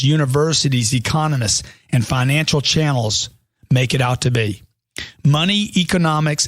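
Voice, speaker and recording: A man's voice: a little high, dry recording, clean studio sound. A man reading a money self-help book aloud as scripted audiobook narration, in an emphatic motivational way that leans on rhetorical questions.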